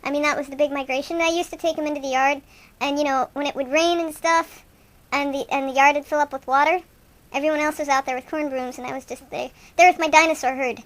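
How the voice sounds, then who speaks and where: A woman's voice: high-pitched, fairly even intonation, quick pace. A woman hosting an improvised comic radio show, playing two goofy young male rock-fan buddies in rambling, self-mocking banter.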